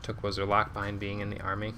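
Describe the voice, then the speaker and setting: Bright-voiced young man streaming a game. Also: lowish voice, monotone, racing, slight background noise. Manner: mumbles to himself, chuckles often. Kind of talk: casual gameplay commentary.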